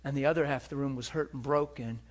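A man preaching a sermon, moving between hushed, whispered moments and loud, impassioned stretches. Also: medium pitch, fairly even intonation, fast.

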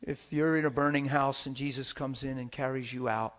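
A man preaching a sermon, telling stories with animated swings from shouts to hushed whispers and laughing as he talks. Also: medium pitch, moderate pace. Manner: laughs while talking.

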